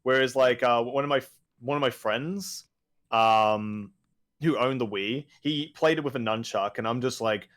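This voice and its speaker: A man's voice: normal speed, fairly bright tone. A young man with a mid-range voice chatting casually on a gaming podcast. He jokes a lot and loves playing up his memories for laughs. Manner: joking, puts on shrill mock screams. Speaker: podcast co-host. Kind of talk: casual chat.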